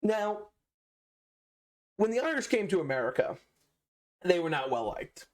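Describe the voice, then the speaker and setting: A man's voice: high-pitched, sing-song, a little slow. A young man hosting a history video, telling events with sarcastic, mock-incredulous asides.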